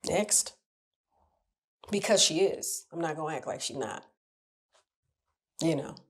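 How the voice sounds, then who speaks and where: Candid, lively woman with a lowish voice. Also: slow pace, slightly rough. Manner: candid, animated, laughs at her own stories. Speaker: relationship coach. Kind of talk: casual advice talk to camera.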